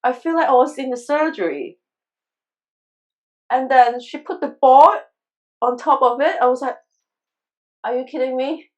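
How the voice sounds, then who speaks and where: A woman tells a heartfelt personal story as an interview guest, in a fairly high voice. She talks earnestly, with plenty of halting restarts and trailing phrases. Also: a little mellow, rough recording. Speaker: guest, crystal healer.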